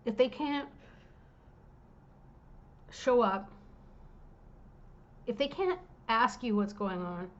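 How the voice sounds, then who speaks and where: A woman's voice: on the high side, lively intonation, takes it slowly, pauses often, fairly bright tone, lo-fi sound. A woman tarot reader talking straight to her viewers, worked up and direct as she gives a reading.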